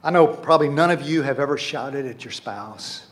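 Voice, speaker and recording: A man's voice: mid-range voice, normal speed. A man preaching a sermon to his congregation in a conversational way, often restarting and correcting himself. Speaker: pastor.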